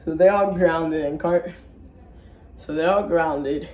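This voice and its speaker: A man's voice: a little high, steady tone, slow pace, lo-fi sound. A young man giving a casual, jokey, slang-heavy movie recap at home, rambling and dropping into silly voices. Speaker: movie reviewer. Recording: echoey room with faint noise.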